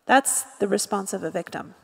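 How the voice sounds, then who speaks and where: A woman's voice: mid-range voice, normal speed, creaky, slightly rough, big-room sound. A woman pastor preaching a sermon, acting out quotes and asking the congregation "Amen?" often. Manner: lively preaching with acted-out quotes and frequent "Amen?". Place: church sanctuary.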